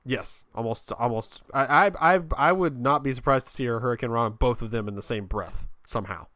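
A man co-hosting a casual chat, talking in a relaxed way and often repeating words as he starts a sentence. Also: mid-range voice, a little fast, no room sound, clean studio sound. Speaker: podcast co-host.

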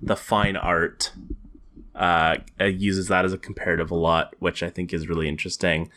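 A man co-hosting a podcast, talking casually in halting phrases with many fillers. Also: low voice, little pitch movement, bright, forceful tone. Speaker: podcast co-host. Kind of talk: casual chat about comics.

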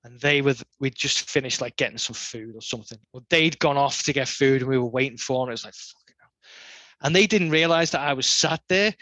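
Man, middle-aged, casual storytelling, animated, swears a lot, dry sound. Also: mid-range voice, fast talker, hardly any pauses, no echo. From Liverpool, England. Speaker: podcast guest, skate photographer.

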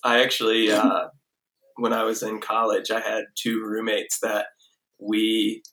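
A young man from Virginia talks loosely on a podcast, trailing through filler words as he tells a story. His voice sits low but carries a forceful, bright edge. It is casual, unhurried conversation. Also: monotone, rough recording. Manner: rambling, many "like" fillers. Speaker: podcast guest.

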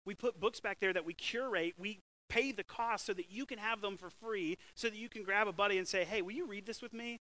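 A man preaching a sermon with lively swings between loud, emphatic bursts and hushed, slow scripture reading. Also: sits high, rough recording. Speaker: pastor.

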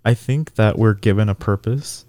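Podcast co-host, man, dark mellow voice, dry close mic, thoughtful and easygoing. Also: on the low side, normal speed, no room sound. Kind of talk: casual podcast chat.

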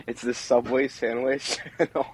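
A young man co-hosting a podcast in casual chat, laid-back and drawn-out, with lots of "like". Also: mid-range voice, slight background noise, poor audio. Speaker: podcast co-host.

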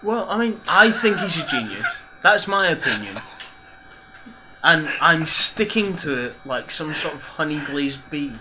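A man's voice: a little high, animated, measured pace, noisy background. A man in crude, mock-sarcastic podcast banter.

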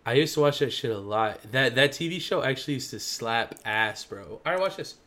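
A man's voice: medium pitch, expressive, fairly quick, pushed and bright. A tipsy man co-hosting a podcast in casual chat, rambling, swearing and saying "like" constantly. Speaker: podcast co-host.

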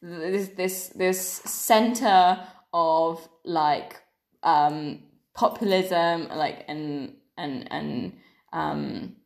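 A tipsy woman chatting as a podcast co-host, halting with many fillers and restarts. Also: deep voice, gravelly. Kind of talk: casual chat. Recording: echoey room.

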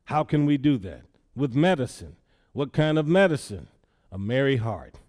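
A man's voice: medium pitch, very animated, normal speed, darkish tone. A man preaching a sermon in a church in a conversational way, often adding "yeah" between points. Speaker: pastor.

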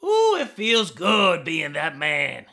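A man's voice: a little high, wildly swooping pitch, slow pace, gravelly, heavily acted. A man putting on a boastful, swaggering male pro wrestler persona with a put-on Southern drawl. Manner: bragging, loud promo-style bluster.

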